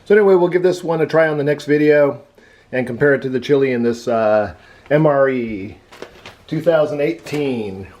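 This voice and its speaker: A man's voice: medium pitch, moderate pace, darkish tone. A man giving a casual taste-test review, chewing and talking with his mouth full. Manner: chews and talks with mouth full. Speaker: food reviewer.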